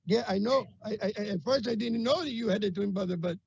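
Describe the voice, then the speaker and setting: A man co-hosting a video call with comedic banter, talking in halting bursts and repeating his words. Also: high-pitched, gravelly, darkish tone, husky, dry recording. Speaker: co-host. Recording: dull lo-fi video call audio.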